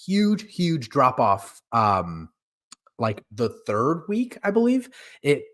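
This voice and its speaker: Male podcast co-host, animated intonation, laughs easily, hesitant delivery. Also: medium pitch, slow. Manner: laughs a lot, hesitant with many ums. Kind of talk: casual movie ranking chat.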